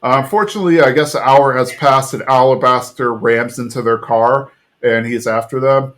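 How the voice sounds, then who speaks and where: A man hosting a podcast, recapping an episode in an animated, chatty way full of "like". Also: medium pitch, moderate pace. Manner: animated storyteller, fillers like "like". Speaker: podcast host.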